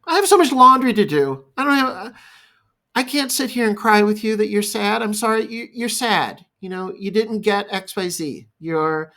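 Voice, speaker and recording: A man voicing a harried, overwhelmed parent who brushes off a child's sadness in a hurried, exasperated way. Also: high-pitched, fairly bright tone.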